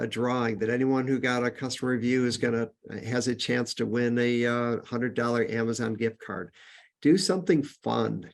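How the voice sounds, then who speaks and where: A man with a mid-range voice and vocal fry teaches a casual business webinar. He speaks conversationally, with frequent fillers and restarts, and lifts his voice on each numbered point.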